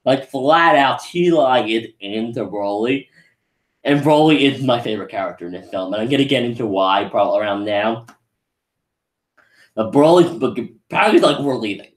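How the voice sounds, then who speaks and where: A man's voice: medium pitch, lively intonation, normal speed, reverberant. A man recapping a film in a casual, rambling way, with many restarts and fillers, briefly acting out what the characters say. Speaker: movie reviewer.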